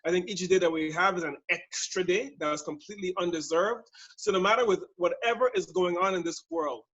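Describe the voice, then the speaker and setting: A man's voice: high-pitched, brisk, a bit bright. A middle-aged man with a US Virgin Islands accent, giving an upbeat webinar talk in a jokey storytelling manner. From Saint Thomas, US Virgin Islands. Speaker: guest speaker, service consultant. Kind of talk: webinar presentation. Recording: muffled webinar audio.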